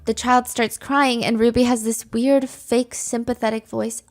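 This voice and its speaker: A woman's voice: fairly high pitch, fairly even intonation, measured pace, few pauses. A woman hosting a podcast, telling a true crime story in a candid, conversational way. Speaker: podcast host.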